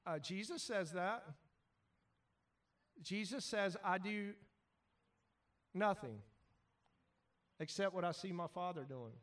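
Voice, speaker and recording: A man preaching a sermon as pastor, animated, shouting at times and then dropping to quiet asides. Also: high-pitched, slow pace, long pauses, far from the mic.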